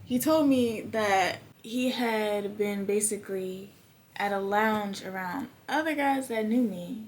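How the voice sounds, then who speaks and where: Young woman, animated storyteller, swears freely, faint background hiss. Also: mid-range voice, slow. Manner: animated, swears freely, acts out quoted dialogue. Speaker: podcast host. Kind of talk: casual storytelling chat.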